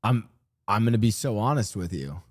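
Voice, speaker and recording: A man streaming and chatting casually about world politics, rambling and animated, often restarting his sentences and slipping into mock voices. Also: lowish voice, a little fast. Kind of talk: casual livestream chat. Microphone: streaming desk mic.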